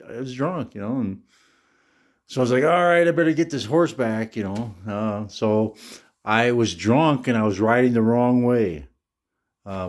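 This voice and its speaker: A man's voice: mid-range voice, darkish tone. An older man from Minnesota telling a story from his youth in a casual, rambling way, full of restarts and fillers, with his voice jumping up when he quotes people. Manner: rambling, with many "you know" and restarts; voice jumps up when quoting others.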